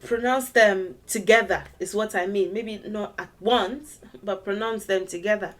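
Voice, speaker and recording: A young woman teaches a beginners' language lesson at an unhurried pace. She explains patiently and goes back over each step. Her voice sits at an ordinary middle pitch. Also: steady tone. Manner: explains patiently, repeats steps and sings a little memory song. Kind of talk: casual video lesson.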